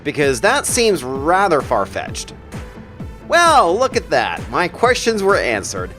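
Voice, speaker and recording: A male comic book reviewer ranting in a sarcastic, profane way and dropping deadpan jokes. His voice is high and very animated, and faint music plays under it. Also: takes it slowly.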